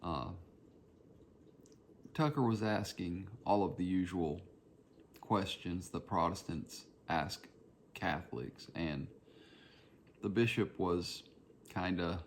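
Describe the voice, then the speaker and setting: A man's voice: low-pitched, slight background noise. A man with a Southern Georgia accent, hosting his own podcast in a reflective, rambling solo monologue. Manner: reflective, meandering, personal storytelling. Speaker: podcast host.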